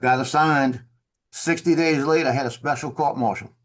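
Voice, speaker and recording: A man's voice: mid-range voice, normal speed. A man on a video call, telling a story in a casual way and acting out the officers he quotes. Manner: animated, acts out quoted officers. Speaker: former Marine telling a story.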